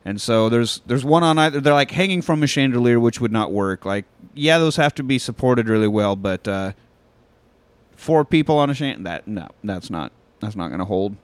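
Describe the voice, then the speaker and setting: A man retelling a movie plot in loose, foul-mouthed podcast chat, slipping into quick impressions of the characters. His voice sits in a middle register and sounds close and dry, with no room around it. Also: mid-range voice, expressive, no room sound. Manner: profane, jokey, acts out movie lines. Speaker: podcast host. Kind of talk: casual film recap chat.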